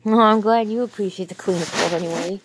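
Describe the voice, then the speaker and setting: A woman's voice: medium pitch, fairly quick, slight background noise. A woman filming her dogs at home on a phone, talking to them in a playful baby-talk way with chuckles. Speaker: dog owner filming her pets. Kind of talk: casual talk to pets. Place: home indoors.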